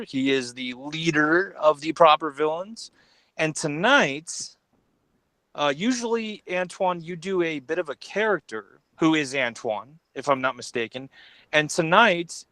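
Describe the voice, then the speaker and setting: A man with a slightly high voice hosts a loose, joking stream chat and swears freely. He rambles as he introduces his guests. The sound is close and dry. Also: sharp tone, dry recording. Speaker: host.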